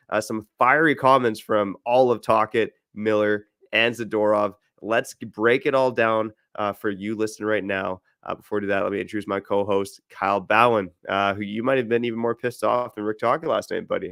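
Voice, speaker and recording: Gravelly-voiced man hosting podcast. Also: lowish voice, fairly even intonation, a little fast, few pauses, fairly bright tone, no echo, clean studio sound. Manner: easygoing, reads ad copy, filler-heavy. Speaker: podcast host. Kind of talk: casual sports podcast chat.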